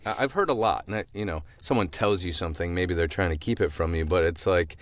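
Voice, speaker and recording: A man's voice: sits low, fast talker, hardly any pauses, dry recording. A man co-hosting a podcast in casual chat, making emphatic points and laughing between them. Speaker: podcast co-host.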